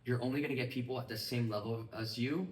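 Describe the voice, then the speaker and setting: Male mindset trainer, mid-pitch and energetic, addressing a live group. Distant mic in a reverberant room. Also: fast. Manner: energetic, keeps checking in with listeners.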